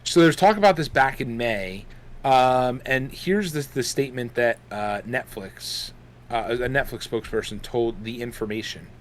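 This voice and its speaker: A man's voice: mid-range voice, moderate pace. A young man co-hosting a casual gaming podcast, rambling with lots of fillers while chewing gum. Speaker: podcast co-host.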